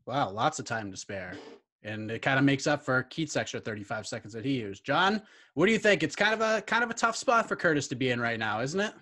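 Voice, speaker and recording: A man hosting a podcast panel, setting up topics briskly and calling on each panelist in turn. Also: medium pitch, sing-song, pushed and bright. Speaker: host.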